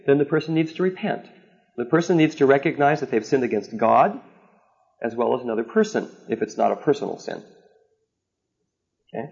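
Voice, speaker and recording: Here the preacher has a medium-pitched, darkish voice with vocal fry. He delivers his counseling sermon earnestly and repetitively, frequently pausing for an "okay?". The audio is lo-fi and somewhat dull.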